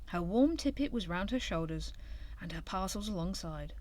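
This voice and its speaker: A woman reading a children's storybook aloud in an expressive, lively way. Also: on the low side, moderate pace.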